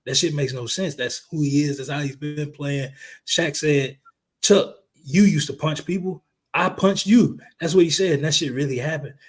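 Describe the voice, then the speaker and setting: Male podcast co-host, slightly hoarse, profane and emphatic, fairly high voice. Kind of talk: casual sports chat and rant.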